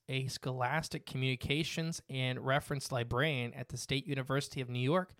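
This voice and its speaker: A man's voice: medium pitch, dry recording, studio quality. A man hosting a casual podcast, reading from notes with fillers and asides. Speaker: podcast host.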